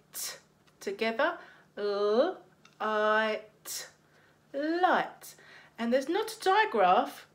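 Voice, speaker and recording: A woman teaches phonics to young children and stretches each sound out for them. Her voice sits a little high, and she takes her time with every word. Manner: slow, encouraging, sounds out letters.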